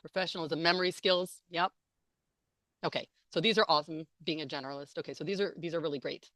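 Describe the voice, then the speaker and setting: Young woman, low voice, chatty trainer on a video call, dry close sound. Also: steady tone, fast, fairly bright tone, no echo. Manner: chatty and playful, laughs and reacts to chat comments. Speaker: interpreting trainer giving an online talk. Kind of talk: live webinar presentation with audience chat. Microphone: computer mic on a video call.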